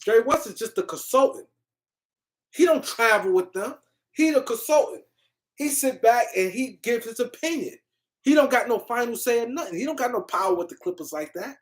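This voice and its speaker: A woman hosting a live-stream sports show, ranting in a heated, argumentative way and repeating her points. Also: high-pitched. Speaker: sports commentary host.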